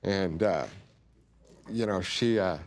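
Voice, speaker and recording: Choked-up stammering man. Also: low voice. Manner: halting, stammering, repeats words. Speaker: guest father. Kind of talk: TV talk show interview.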